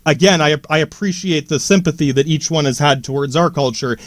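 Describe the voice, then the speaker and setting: A man's voice: a little high, fairly quick, no room sound. A man podcasting in a casual, rambling monologue, swearing freely, trailing off and restarting his sentences. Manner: profane, stammering restarts, slangy.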